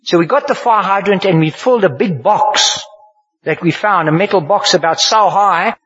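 An older man, preaching a sermon and telling a story, swinging from hushed to loud, with a husky voice. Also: high voice, moderate pace. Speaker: pastor. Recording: dull lo-fi sermon recording.

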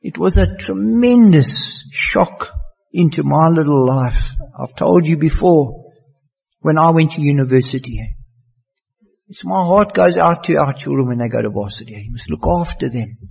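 A man preaching a sermon slowly and emphatically, his voice rising on the key words. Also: on the high side, expressive, gravelly, darkish tone, breathy edge. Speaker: pastor. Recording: dull lo-fi recording in a reverberant hall.

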